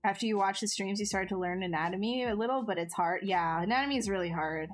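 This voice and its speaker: A woman's voice: mid-range voice, fast. Woman, live-stream sculptor, casual chat with viewers, self-mocking, restarts sentences, faint music behind.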